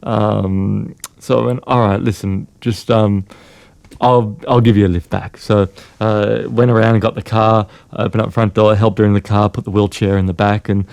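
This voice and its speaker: A man's voice: on the low side, level tone, moderate pace, creaky, a little mellow, no echo. A man, a podcast co-host in casual conversation who laughs often and keeps the talk going with short replies.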